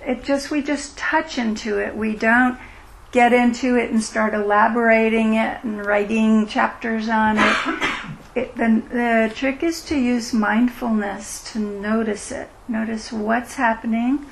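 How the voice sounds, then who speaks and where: A woman teaching mindfulness at a retreat and answering questions, in a gentle, reflective way that acts out inner thoughts. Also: a little high, fairly even intonation, measured pace, vocal fry, a little hiss or hum, rough recording. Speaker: meditation teacher.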